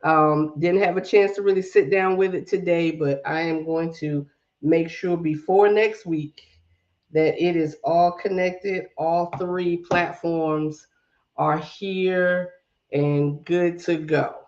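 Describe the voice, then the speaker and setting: A woman's voice: lowish voice, steady tone, slow pace, a little mellow, highs cut off. A woman with a mix of Southern drawl and Brooklyn accent hosting a casual livestream, greeting viewers by name and talking herself through tech fixes. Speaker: livestream host.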